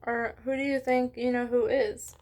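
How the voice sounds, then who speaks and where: A woman reading a children's book aloud in a slightly high voice. She narrates, then breaks off to chat with listeners and apologize for her slips. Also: little pitch movement, normal speed, darkish tone. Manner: chatty, stops to ask questions and apologize for slips. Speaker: read-along host.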